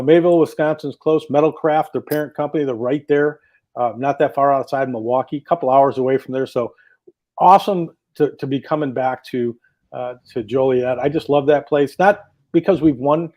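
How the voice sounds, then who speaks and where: A man's voice: mid-range voice, normal speed, warm tone. Enthusiastic rambling man on a video call. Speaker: drag racing driver guest. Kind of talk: casual talk show interview.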